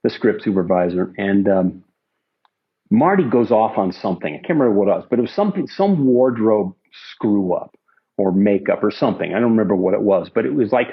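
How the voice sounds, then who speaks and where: A man's voice: on the low side, very animated, brisk, slightly rough. Older man telling rambling anecdotes. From United States. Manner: rambling anecdotes with frequent restarts. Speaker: interview guest. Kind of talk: casual storytelling. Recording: slightly dull lo-fi recording.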